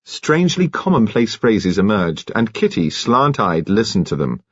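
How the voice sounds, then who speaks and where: Husky, low male audiobook narrator. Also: no room sound, highs cut off. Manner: measured, even storytelling.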